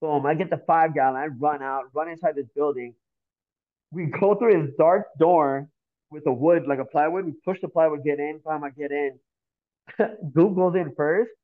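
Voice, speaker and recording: A man's voice: a little high, moderate pace. Profane, slangy man telling a story over tinny audio. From Miami, Florida. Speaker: podcast guest, graffiti artist. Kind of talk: casual storytelling.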